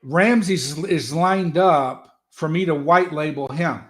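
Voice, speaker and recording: Guy talking loud and folksy, kinda high voice, fired up. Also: slow. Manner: animated, folksy storyteller who talks loud. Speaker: guest, political strategist. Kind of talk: casual motivational talk.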